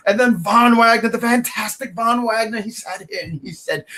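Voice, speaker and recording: A man's voice: high voice, expressive, a little fast, pushed and bright. A man co-hosting a casual wrestling review show from a home mic, joking and playing the bad guy. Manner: playful trash talk, playing the heel. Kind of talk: casual podcast review chat.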